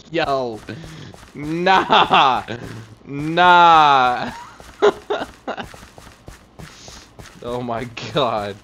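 Man streaming a game live, winded, lively swings in pitch, unhurried delivery, faint hum behind. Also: muffled recording. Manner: animated, excitable, laughing often, talking to chat. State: out of breath.

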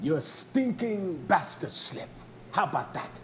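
A man delivers a fiery sermon in a strikingly high voice that leaps up and down with animated swings. He scolds and confronts his listeners, hammering them with rhetorical questions. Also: a little slow, slight background noise. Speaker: preacher.

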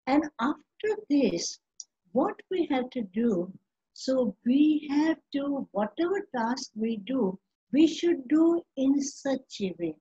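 A woman giving a spiritual class, telling stories slowly and gently with quoted dialogue. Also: high-pitched, expressive. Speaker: spiritual teacher. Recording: dull lo-fi recording.

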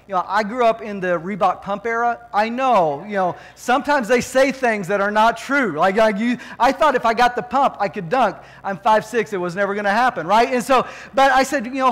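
High-voiced pastor preaching in a hall. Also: male voice, fairly quick, a bit bright. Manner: conversational storytelling with frequent "right?" asides. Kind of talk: sermon. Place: church sanctuary.

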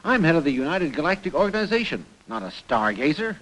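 An actor voicing a gruff, commanding male colonel who heads a space organization in a 1960s cartoon, giving brusque orders. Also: fairly high pitch, big pitch swings, fast, fairly bright tone, poor audio.

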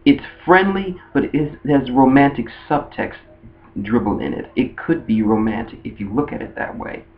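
An anime fan video host chats casually about a cartoon ship, rambling and frequently restarting his sentences. His medium-pitched voice has a sing-song lilt at a moderate pace. The dull lo-fi recording carries a slight hiss or hum.

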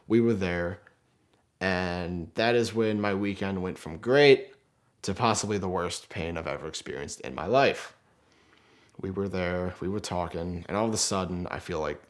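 A young man telling a story in a casual, self-mocking way, acting out what he and his friends said. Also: sits low. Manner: animated, self-mocking, acts out quoted lines.

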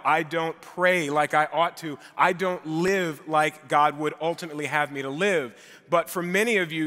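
A man in his thirties preaching a sermon in a church, conversational and gently joking, with frequent "uh"s. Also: fairly high pitch. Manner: conversational, self-deprecating humor with filler "uh"s. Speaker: guest preacher. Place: large church sanctuary. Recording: long hall reverb.

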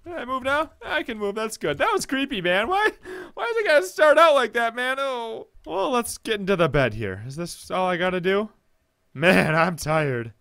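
A man's voice: high voice, normal speed. A young man commentating a horror game as he plays it, reading the dialogue aloud and yelping at the jump scares. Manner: jumpy, excitable, yelps at scares. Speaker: gameplay commentator.

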